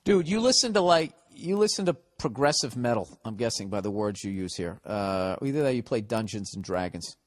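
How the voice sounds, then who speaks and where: A man's voice: fairly low pitch, animated, brisk, hardly any pauses, dry recording, clean studio sound. A man with a Boston accent hosting a comedy podcast, reading a listener's letter aloud and mocking it in a sarcastic, profane rant. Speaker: podcast host.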